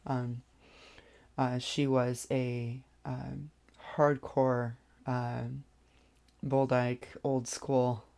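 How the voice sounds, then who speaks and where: A vlogger telling a personal story in a hesitant way, with many pauses and restarts. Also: mid-range voice, little pitch movement, gravelly, darkish tone.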